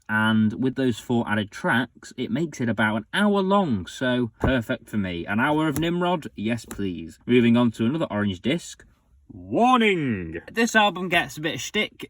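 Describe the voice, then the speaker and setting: Young male vlogger, casual and excitable, ordinary middle pitch. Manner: enthusiastic, chatty, frequent fillers. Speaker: music collector vlogger. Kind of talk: casual show-and-tell vlog.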